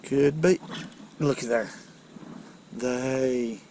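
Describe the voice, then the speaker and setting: A man narrates his fishing trip from a boat on a river. He talks slowly and folksily with a gravelly voice, and gets excitable as he speaks to his viewers. Wind and passing boats make a constant rush behind him. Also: mid-range voice, poor audio. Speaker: fishing channel host. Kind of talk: casual fishing vlog commentary.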